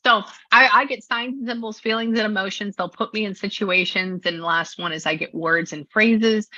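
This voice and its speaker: A woman's voice: mid-range voice, steady tone, normal speed, few pauses, pushed and bright. Chatty Southern woman on a dull video call. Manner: chatty, rambling, full of filler words. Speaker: psychic medium. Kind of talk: casual chat on a video session. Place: her new studio.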